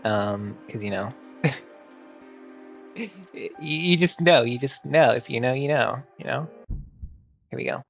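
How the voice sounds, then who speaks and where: A man's voice: medium pitch, slow, gravelly, long pauses, a bit bright, faint music behind. A man casually reading a webcomic aloud, laughing at himself and apologizing for his reading. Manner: self-deprecating, laughs at his own reading. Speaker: comic reader.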